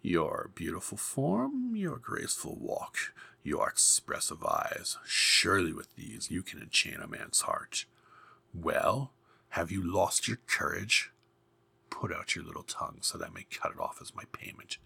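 A man voicing a scheming old female sea witch in a hoarse, menacing whisper. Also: deep voice, huge pitch swings, measured pace, bright, forceful tone, heavily acted. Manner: sly, menacing.

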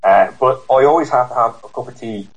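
A man's voice: medium pitch, fairly quick, highs cut off. A man with an Irish accent, a guest voice performer, chatting casually and hesitantly with many restarts and fillers. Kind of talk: casual interview chat.

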